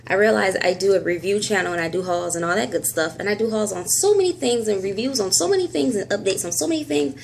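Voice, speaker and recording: Woman talking into her phone up close, gravelly voice that jumps all over, bit of background hiss. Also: fairly low pitch. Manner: animated storytelling, acts out dialogue, laughs often. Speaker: vlogger. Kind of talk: casual health update vlog. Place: at home. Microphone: phone held close.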